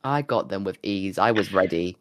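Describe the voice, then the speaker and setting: A young man co-hosting a casual chat, animated and swearing, acting out what people said. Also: deep voice, moderate pace, no echo. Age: young adult. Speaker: podcast co-host and streamer.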